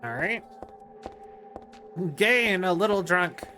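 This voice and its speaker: A man's voice: high-pitched, sing-song, slow, pushed and bright, faint music behind. A man casually commenting on a video game as he plays, chatty and rambling with lots of fillers. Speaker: streamer.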